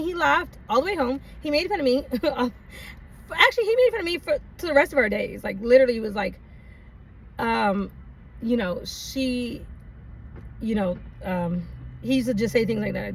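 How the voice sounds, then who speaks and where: A woman's voice: on the high side, animated, moderate pace. A woman telling a personal story in a casual, rambling way, laughing often and using many fillers. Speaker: vlogger. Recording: distant mic, faint background noise.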